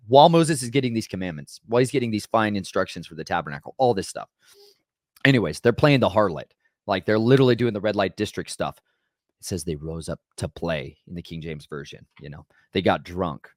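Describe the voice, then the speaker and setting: Low-voiced man telling Bible stories. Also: no echo, studio quality. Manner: conversational, keeps asking "right?"; emphatic and dramatic. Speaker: podcast host. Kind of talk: casual Bible storytelling.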